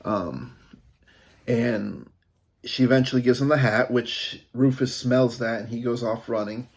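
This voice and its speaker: A man's voice: mid-range voice, unhurried. A man giving a casual, rambling review of a TV episode, with many fillers and restarts.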